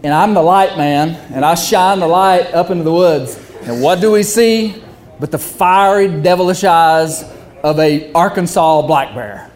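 A young man telling a hunting story, animated and often laughing while he talks. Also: on the high side, measured pace. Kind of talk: casual storytelling.

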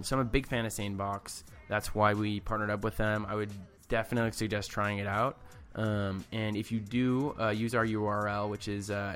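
Low-voiced relaxed man hosting a podcast. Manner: relaxed, filler-heavy, rambling. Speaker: podcast host. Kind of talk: casual podcast chat.

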